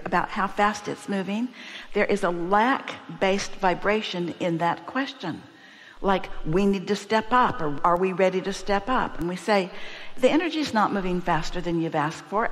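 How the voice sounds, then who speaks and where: A woman at mid pitch teaches spiritual ideas to a seminar crowd, speaking as "we" and circling back to her points with emphatic repetition. Her voice carries a long reverb tail from a large hall. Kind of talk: spiritual teaching to a live audience.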